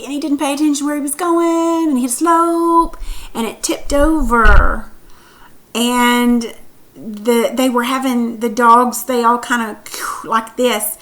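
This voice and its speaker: A woman's voice: high voice, gravelly, fairly bright tone, poor audio. A woman teacher reading a story aloud and then asking questions about it patiently.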